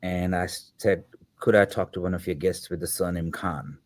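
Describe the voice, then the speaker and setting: A man's voice: deep voice, steady tone, normal speed. A man in his fifties, a filmmaker guest, telling a personal story and acting out the dialogue as he goes, with the odd filler word. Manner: acts out quoted dialogue in the telling; reflective, with filler words. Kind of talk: anecdotal storytelling.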